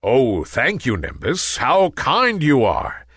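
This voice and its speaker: A man voicing a calm, kindly male sun in a children's story, speaking gently and measured. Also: mid-range voice, breathy edge, no room sound, clean studio sound, full character voice. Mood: thirsty. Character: grand kind male sun, calm and wise.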